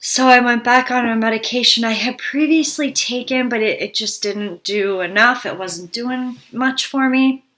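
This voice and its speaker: A woman's voice: on the high side, moderate pace, few pauses, fairly bright tone. A woman giving a casual personal health update to her viewers, candid and worried, a little out of breath and often restarting her sentences. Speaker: health vlogger.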